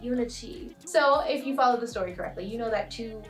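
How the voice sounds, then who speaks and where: A young woman from Malawi giving a playful comic monologue to camera, with sudden high squeals and quiet asides. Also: fast talker. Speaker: vlogger. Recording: echoey room, voice a bit far from mic, light music.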